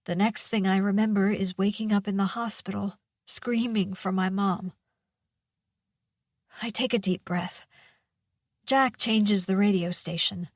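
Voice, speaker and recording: A woman reading a first-person mystery thriller audiobook in a measured, tense manner. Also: mid-range voice, fairly even intonation, dry recording, clean studio sound. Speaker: audiobook narrator.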